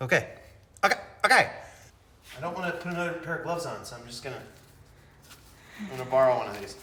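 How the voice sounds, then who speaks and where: A man's voice: mid-range voice, animated, quick pace, slight background noise. A middle-aged man chatting casually while working in his home garage, joking and poking fun at himself. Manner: joking, self-mocking, rambling. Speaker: hobby mechanic host.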